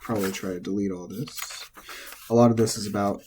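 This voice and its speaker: A man who is not a native speaker, teaching pitch accent in an informal way, thinking aloud with asides and restarts. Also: steady tone, brisk, dark tone, a little hiss or hum. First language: English. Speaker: language teacher. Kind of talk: explaining Japanese pitch accent.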